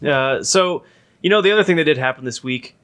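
A man hosting a casual podcast, talking loosely with lots of restarts and stray laughs. His voice is bright and forward. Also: a little high, animated, brisk. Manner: rambling, laughs often, many restarts. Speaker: podcast co-host.

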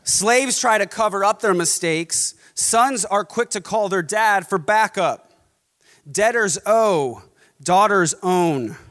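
Guy preaching a sermon, high voice, punchy repeated lines, long hall echo. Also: animated, slow pace, fairly bright tone. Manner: emphatic, rhythmic preaching with repeated contrasts. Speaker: pastor.

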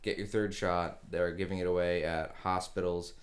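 Brief: very low-pitched man, podcast co-host, unhurried news rundown in casual chat. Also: little pitch movement.

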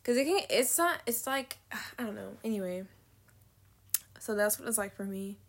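A woman's voice: mid-range voice, lively intonation, normal speed. A young woman vlogging in a casual, candid monologue, rambling between thoughts, swearing freely and laughing often.

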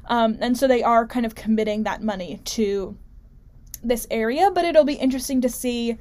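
A woman's voice: fairly high pitch, moderate pace. Opinionated woman hosting a news show. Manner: opinionated, animated, many fillers and restarts. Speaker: show host. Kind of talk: casual news commentary.

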